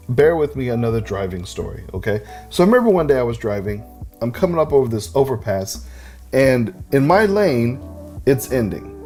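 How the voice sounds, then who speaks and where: Male pastor, mid-range voice, story-driven sermon delivery, soft music bed. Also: medium pitch. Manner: animated storytelling with self-deprecating humor.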